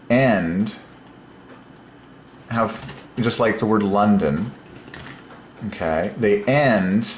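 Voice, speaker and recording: A man presenting word-number puzzles on his own, thinking aloud with growing excitement and chuckling between points. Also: fairly low pitch, reverberant, a little hiss or hum.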